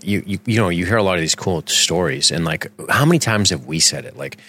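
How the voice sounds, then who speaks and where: A man's voice: deep voice, lively intonation, fairly quick, a bit bright. A man co-hosting a film podcast in loose, rambling, profane casual chat. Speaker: podcast co-host.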